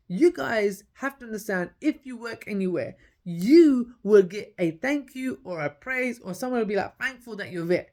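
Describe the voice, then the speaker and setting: A woman's voice: medium pitch, expressive, normal speed, darkish tone. A woman, telling her own story in a casual podcast monologue. She talks emphatically, repeats her key points, and acts out the dialogue.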